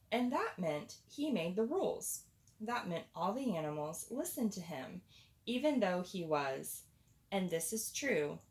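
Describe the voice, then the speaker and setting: A woman reading a children's picture book aloud in a playful, expressive storytelling voice. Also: on the low side.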